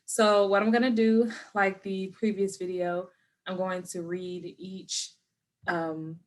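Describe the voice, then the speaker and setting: A woman teacher recording a lesson for her students at home, patient and encouraging, slowing down to model words clearly. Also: medium pitch, little pitch movement, a little hiss or hum.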